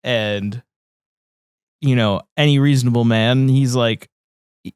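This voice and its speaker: Relaxed man podcast co-host. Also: medium pitch, a little slow, clean tone, no room sound, clean studio sound. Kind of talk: casual chat about a horror film.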